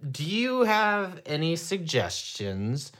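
A young man co-hosting a podcast in casual chat, enthusiastic and quick to laugh. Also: on the high side, very animated, fairly bright tone. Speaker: podcast co-host.

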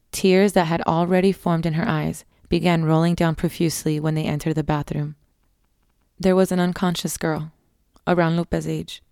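A woman narrating a scripted horror story in a measured, somber way, close to the mic. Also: deep voice, vocal fry, dark tone, clean tone, no room sound.

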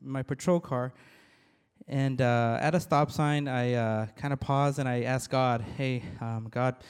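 A man, a police officer, giving a halting, earnest church testimony to a congregation, with many restarts. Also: mid-range voice, fairly even intonation, smooth. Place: church hall. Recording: long reverb of a large hall.

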